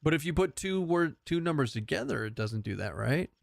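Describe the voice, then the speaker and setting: Chill guy streaming, joking around, lively up and down voice. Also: fairly high pitch, fairly quick, creaky, no room sound. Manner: laid-back, joking, laughs often. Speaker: streamer host. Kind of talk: casual stream chat.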